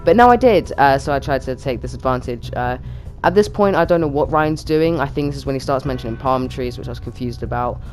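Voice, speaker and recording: A young man talks through his building project at a rapid clip, chatty and loose, full of ums and likes. His voice sits at an average pitch, and there is faint music behind him. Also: a little mellow. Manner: chatty, quick, with many fillers. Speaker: YouTuber narrating a build challenge. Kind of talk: casual gaming commentary.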